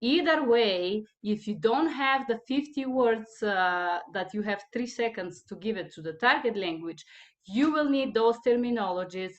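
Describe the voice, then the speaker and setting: A woman with an Eastern European accent, an interpreter hosting her channel and introducing a video in a careful, deliberate way with small slips and restarts. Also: on the high side, animated, muffled recording.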